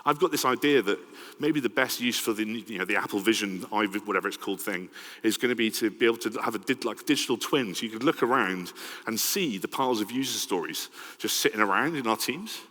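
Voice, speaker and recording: A middle-aged man with a Welsh accent giving a lively, conversational conference talk and often checking in with "right?". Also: lowish voice, fairly quick. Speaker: conference speaker. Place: large conference hall. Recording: long hall reverb.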